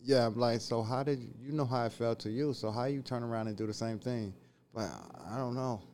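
A man who is a guest on a podcast, speaking in a halting, colloquial way with many restarts. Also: medium pitch, fairly even intonation, darkish tone, a little hiss or hum. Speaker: podcast guest, predator catcher. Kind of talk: casual podcast conversation.

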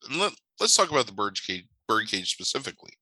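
Man, casual chat, animated storyteller with a swinging pitch and a bright edge, dry close mic. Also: fairly quick, breathy edge, dry recording, poor audio. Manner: animated storyteller, swears casually, acts out voices.

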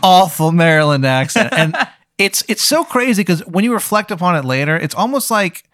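In a high, sing-song voice at normal speed, a bit bright, this male host and game runner improvises a rambling comedic story, laughing and leaning heavily on "like." The sound is clean studio audio with no room sound.

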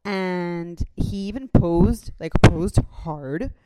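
A young woman, chatting in a relaxed, fond way. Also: on the low side, drawn-out words, very noisy. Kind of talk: casual chat.

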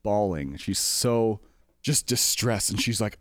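A man's voice: on the low side, unhurried, no echo, clean studio sound. A man in casual podcast chat, retelling a workplace story in a rambling way and acting out the other people's lines. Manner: rambling, animated retelling with quoted voices. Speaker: comedy club manager.

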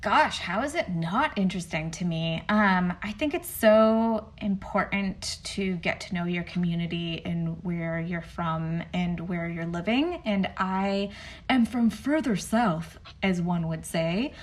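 A woman's voice: fairly low pitch, unhurried. A woman from Mexico, a podcast co-host, chatting casually in a bubbly, giggly way. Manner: bubbly and giggly, with frequent laughs and fillers. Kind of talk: casual chat.

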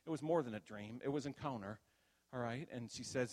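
A middle-aged man giving an animated testimony sermon as a pastor, acting out the voices in his story. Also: medium pitch, fairly quick. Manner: animated storytelling, acts out quotes. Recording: long hall reverb.

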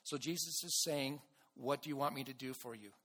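A man preaching a sermon to his church in an earnest way, with restarts and bursts of loud emphasis. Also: medium pitch, fairly quick. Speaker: pastor.

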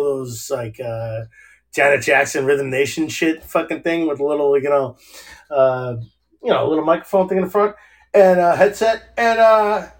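A man with a New Jersey accent talks in a fairly high voice on a loose, unscripted podcast. He rambles, swears in nearly every sentence and breaks into laughter while telling his stories. The talk is casual chat. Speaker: podcast host.

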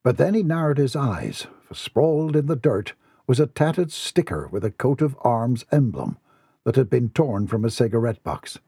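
A man narrates a comic novel with wry, theatrical relish. His voice is gravelly and a touch husky. The recording is dry, with no room sound. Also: medium pitch, big pitch swings, normal speed, mellow, no echo. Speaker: audiobook narrator. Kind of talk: scripted narration.

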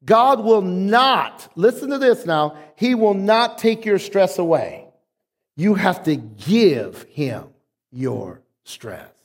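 A male pastor preaching a sermon, emphatic and rhythmic, calling on the congregation to repeat after him. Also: sits high. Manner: emphatic preaching with call-and-response. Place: church sanctuary. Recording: echoey hall.

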